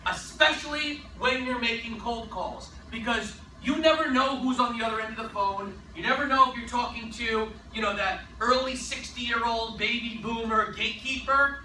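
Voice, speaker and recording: A man giving a sales training talk, energetic and emphatic, often tossing in a rhetorical "right?". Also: very high-pitched, normal speed, roomy sound, far from the mic, a little hiss or hum, poor audio.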